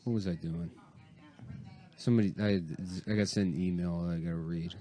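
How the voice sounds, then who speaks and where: A man co-hosting a comedy podcast in casual chat, with a low-key, mumbling delivery that drifts into riffs. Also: fairly even intonation, brisk, warm tone. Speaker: podcast co-host.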